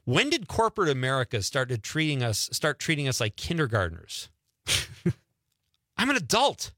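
A man's voice: medium pitch, normal speed, no echo, clean studio sound. A man hosting a radio show in casual, joking banter, laughing often as he talks. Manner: jokey, animated, laughs often. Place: radio studio.

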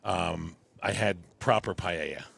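A man who co-hosts another radio show, telling a relaxed story full of "uh" and "um.". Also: low voice, unhurried, gravelly, noisy background. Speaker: co-host of a sister radio show. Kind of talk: casual anecdote on radio.

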